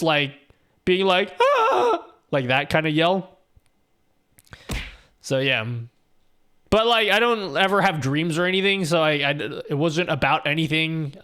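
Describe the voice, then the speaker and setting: A man's voice: a little high, fairly bright tone. A young man live streaming, chatting casually with his viewers and reading their messages aloud, in a loose, rambling, profane way. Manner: laid-back and profane, rambling with restarts and laughs.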